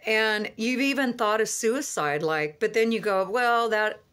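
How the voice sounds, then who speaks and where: A woman's voice: a little high, animated, measured pace, fairly bright tone. A woman preaching and praying for her viewers in a fervent, repetitive way, her voice moved and tearful. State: tearful, emotional. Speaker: online prophetic minister. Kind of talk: emotional prayer and prophetic encouragement.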